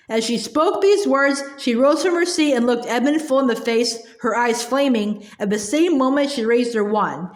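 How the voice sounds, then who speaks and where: A woman reads a storybook aloud in a calm, measured voice that sits high. The recording carries a roomy echo. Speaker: narrator. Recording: echoey room.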